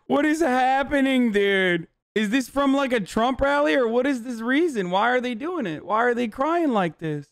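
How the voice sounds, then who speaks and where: A man streaming live, reacting to news clips in an excitable, profane, rambling way. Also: extremely high pitch, moderate pace, few pauses, dry recording, studio quality. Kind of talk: casual reaction commentary.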